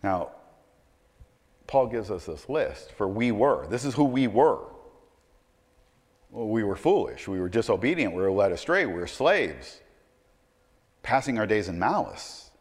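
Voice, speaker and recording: A male pastor preaching a sermon, swinging between loud emphatic stretches and quiet low asides, often repeating words as he starts a sentence. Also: big pitch swings, measured pace, long pauses, big-room sound.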